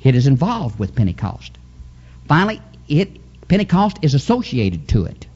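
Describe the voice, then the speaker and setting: A man preaching a fervent Pentecostal revival sermon, swinging his pitch and chuckling as he goes. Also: very animated, normal speed, a little mellow, slightly rough, dull audio. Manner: fervent, sing-song preaching with sudden pitch jumps and chuckles.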